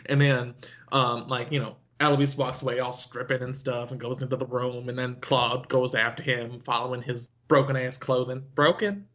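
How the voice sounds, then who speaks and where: A man's voice: mid-range voice, steady tone, moderate pace, a bit bright. Playful, joking man co-hosting a podcast. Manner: joking, playful, crude humor. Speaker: podcast co-host. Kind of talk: casual chat.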